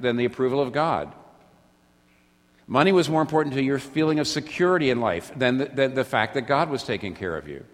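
A man preaching a sermon, earnest, often restarting phrases, swinging between rising intensity and quiet, low emphasis. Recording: long reverb of a hall.

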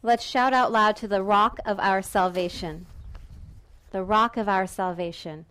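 A woman preaching a sermon in a lively, conversational way, now and then acting out the voices of the people in the story. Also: medium pitch, a little slow, clear, resonant tone. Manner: lively and conversational, acts out voices of Israelites and God. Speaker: pastor.

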